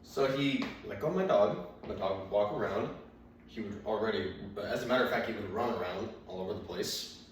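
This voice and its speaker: Brisk and fairly low-pitched, this young comedian rambles through a profane story, doing voices for his father and his dog. The mic sits far off in a very echoey room, with slight background noise.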